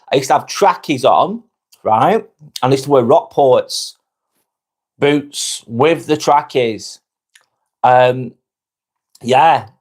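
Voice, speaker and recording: Middle-aged English man, mid-pitched, chatty live-stream host who rambles and swears casually. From England. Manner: swears freely, rambling and repetitive.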